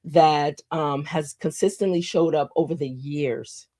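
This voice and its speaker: A woman's voice: deep voice, steady tone, a little slow, mellow. A middle-aged woman hosting a live morning show, speaking from the heart to viewers and repeating phrases for emphasis. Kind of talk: live-stream talk to viewers.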